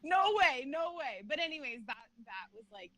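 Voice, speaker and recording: A woman's voice: high-pitched, big pitch swings, moderate pace, sharp tone, low-quality recording. A woman chatting as a guest on an interview show, rambling and packing her talk with filler words. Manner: laughs often while talking. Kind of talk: casual chat.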